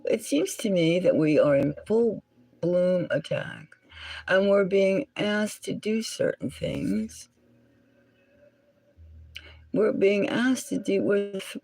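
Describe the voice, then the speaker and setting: A tarot reader hosting a solo reading, unhurried and full of gravelly rasp, with a pitch that swoops up and down. The delivery is musing and self-correcting, with frequent drops into a whisper, over faint background music. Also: expressive, a little mellow, dry recording, poor audio. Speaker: tarot reader and channel host.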